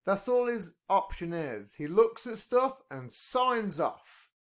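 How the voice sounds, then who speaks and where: Guy on a podcast, kinda high voice that jumps all over, swears a lot, rambly and jokey. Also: sing-song, slow pace. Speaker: podcast talker. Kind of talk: casual podcast chat.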